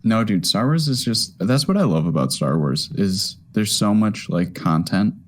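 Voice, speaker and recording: Excitable young man saying dude. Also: fairly low pitch, moderate pace. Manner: excited, says "dude" a lot, laughs often. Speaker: podcast co-host. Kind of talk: casual chat.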